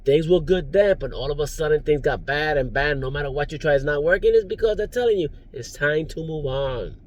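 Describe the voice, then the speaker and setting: A man's voice: fairly high pitch, brisk, dull audio. Guy rambling life advice to his phone cam from a parked car, kinda preachy, laughs a lot. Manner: preachy, rambling, chuckles often. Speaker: vlogger, driver.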